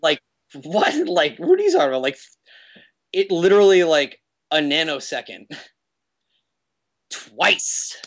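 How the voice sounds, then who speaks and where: A man's voice: on the high side, very animated, unhurried, long pauses. A young man chatting casually as a meetup guest, rambling with loose fillers. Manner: rambling, loose, lots of fillers and self-corrections. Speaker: remote guest speaker at a meetup. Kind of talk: casual chat.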